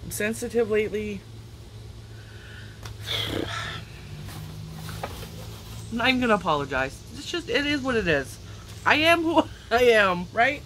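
A woman's voice: on the high side, big pitch swings, a little slow, pauses often, fairly bright tone, a little hiss or hum, poor audio. Chatty, tender woman crafting vlogger. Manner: chatty, emotional, laughs often. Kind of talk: casual chat. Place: outdoors in a back yard.

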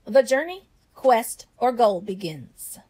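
A woman teaching story writing by reading example stories aloud in a clear, expressive way. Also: fairly high pitch, takes it slowly, rough recording.

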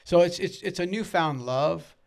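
A middle-aged man, a guest musician, telling stories in casual chat, acting out quotes with loud bursts and swearing freely. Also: high-pitched, normal speed, vocal fry, smooth.

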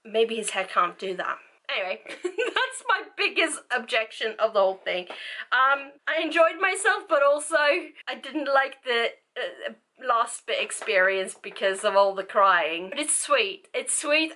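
A woman's voice: fairly high pitch, animated, a little slow, sharp tone. A woman book vlogger chatting casually to camera, rambling and self-interrupting as she talks.

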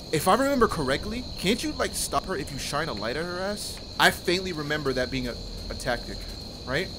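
A man commentating a horror game for his channel, excitable, often yelling and swearing in panic. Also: mid-range voice, moderate pace, pauses often, very noisy. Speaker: gaming YouTuber. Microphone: headset or desk mic, no face cam. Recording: music playing behind.

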